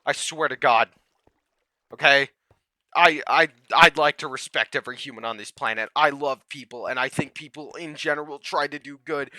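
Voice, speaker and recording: A man ranting to the camera, heated and sarcastic, swinging between yelling and muttering. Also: fairly high pitch, normal speed, no echo, clean studio sound. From United States. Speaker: comedian vlogger. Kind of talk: comedic rant to camera.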